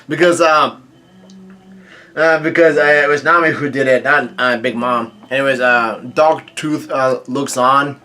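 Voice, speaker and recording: Halting male comic-recap host, bright forward tone, middle pitch. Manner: halting, frequent fillers and restarts, quick asides. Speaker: manga reaction host. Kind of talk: casual chapter recap, reading out dialogue.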